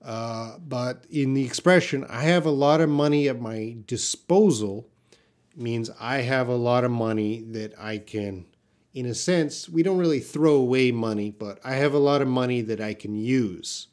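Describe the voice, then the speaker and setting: A man teaching English on a live stream, reading out viewers' questions and explaining words slowly and patiently. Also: medium pitch, darkish tone. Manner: slow, patient, drawn-out explanations; reads viewer questions aloud. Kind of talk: live-stream English class answering chat.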